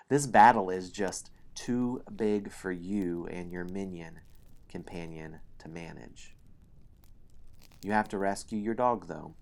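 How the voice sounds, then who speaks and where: A man hosting a solo tabletop game stream, narrating the story slowly and explaining the game sheets. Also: low-pitched, fairly even intonation, vocal fry, a little mellow.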